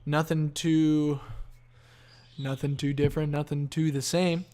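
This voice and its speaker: A man's voice: fairly high pitch, little pitch movement, a little slow, warm tone. A tired, yawning man hosting a solo podcast, rambling in a laid-back, profane stream of consciousness. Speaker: podcast host.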